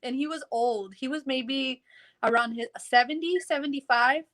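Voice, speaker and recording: High-voiced woman retelling a mishap. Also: normal speed, fairly bright tone. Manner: rambling, acts out quoted dialogue, laughs in between. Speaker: guest telling her story. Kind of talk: casual interview storytelling.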